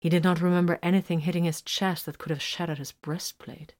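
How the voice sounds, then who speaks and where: Low-pitched female narrator for a sci-fi audiobook, measured and even. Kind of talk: scripted narration of fan fiction.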